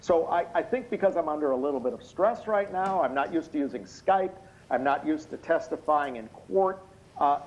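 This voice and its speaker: Hoarse tired guy giving expert testimony on a muffled video call, slowish careful explaining, lots of uhs. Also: a little high, animated. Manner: measured, explanatory, many hesitant fillers. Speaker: expert witness. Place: indoor room at night.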